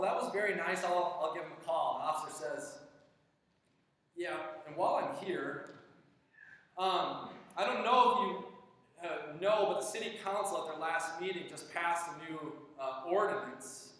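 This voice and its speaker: A man's voice: on the high side, normal speed. Man preaching in an echoey hall. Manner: animated storytelling, acting out dialogue with many restarts. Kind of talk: sermon storytelling. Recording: echoey church hall, distant mic.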